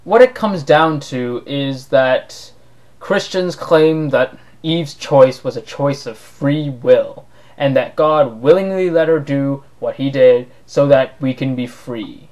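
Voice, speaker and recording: A man's voice: mid-range voice, slow pace, a little mellow. A man delivering an opinion monologue to camera in a sarcastic, argumentative way, rising now and then to indignant outbursts. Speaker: vlogger.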